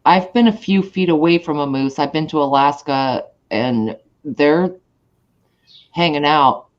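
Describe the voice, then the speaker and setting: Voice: mid-range voice, a little slow, dull audio. A person chatting casually and admiringly. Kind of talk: casual chat.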